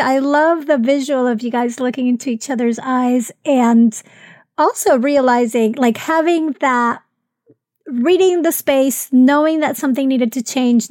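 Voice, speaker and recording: A woman hosting a podcast interview, responding with empathy and explaining things in a measured way. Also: sits high, a little mellow, no room sound, clean studio sound. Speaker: podcast host.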